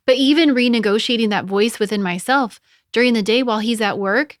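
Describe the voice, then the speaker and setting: A woman's voice: on the high side, no room sound, studio quality. A woman in her thirties, a podcast co-host, speaking earnestly in casual chat about family life. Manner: earnest, quick back-channel agreement.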